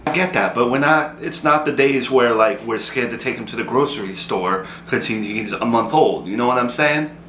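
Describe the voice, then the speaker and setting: A man acting in a comedy sketch, exasperated and quick to argue back. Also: mid-range voice, bright, forceful tone, reverberant, slight background noise, poor audio.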